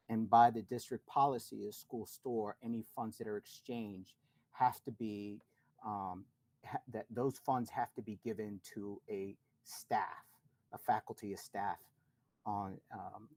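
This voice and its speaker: Male council member, low and mellow, explains step by step with restarts. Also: low-quality recording. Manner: halting, self-correcting. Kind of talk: explaining a policy at a meeting.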